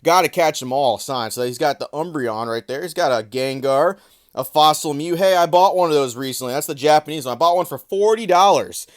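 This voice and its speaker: Male vlogger, slightly high voice, sarcastic and profane, casual commentary. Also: a little fast. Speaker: trading card commentator.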